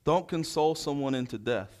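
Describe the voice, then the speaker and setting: A man preaching a sermon, reading scripture verse by verse and then expounding, moving between loud proclamation and hushed quiet. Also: a little high, lively intonation, fairly quick.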